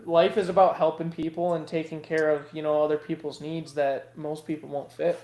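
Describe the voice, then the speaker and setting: A man's voice: fairly high pitch, little pitch movement, a little fast, a little mellow. A man chatting casually as a guest on a livestream, rambling with lots of fillers and restarts. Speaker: guest vending creator. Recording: echoey room sound.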